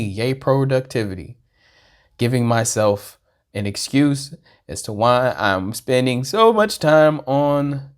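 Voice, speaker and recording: A man hosting a casual reaction vlog, rambling and self-deprecating, swinging from hushed asides to excited bursts. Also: mid-range voice. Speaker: vlogger.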